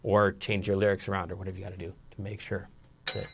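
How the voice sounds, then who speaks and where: A man casually teaching songwriting in a live online lesson, relaxed and rambling with restarts. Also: deep voice, quick pace, vocal fry, noisy background. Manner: sings nonsense syllables to show rhythm.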